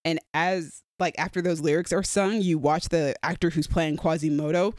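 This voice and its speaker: A woman's voice: sits low, fairly even intonation, moderate pace, a little mellow, no room sound. A woman co-hosting a podcast, talking enthusiastically with many fillers about her fan casting picks. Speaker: podcast co-host. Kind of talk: casual fan-casting chat.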